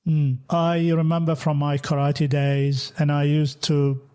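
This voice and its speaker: A man's voice: on the high side, level tone, a little slow, darkish tone, clear, resonant tone. A man hosting a podcast interview, speaking in a friendly, hesitant way with many fillers. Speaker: podcast host.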